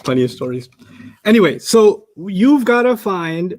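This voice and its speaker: Guy teaching a class, chatty and animated, slightly high voice, laughs a lot. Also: measured pace. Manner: animated, acts out quoted voices, laughs often. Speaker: Arabic teacher. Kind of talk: casual classroom storytelling and teaching.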